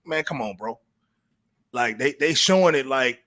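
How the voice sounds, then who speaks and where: A man's voice: mid-range voice, lively intonation, normal speed, a bit bright, dry recording, clean studio sound. A man hosting a casual talk show, riffing with slang and many stumbling restarts. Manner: loose, repetitive, frequent restarts and slang. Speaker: podcast host.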